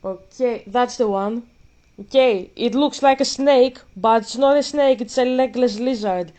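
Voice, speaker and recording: A woman's voice: on the high side, a little slow, warm tone. A woman vlogger ranting in casual commentary while gaming, blunt and profane, a bit out of breath.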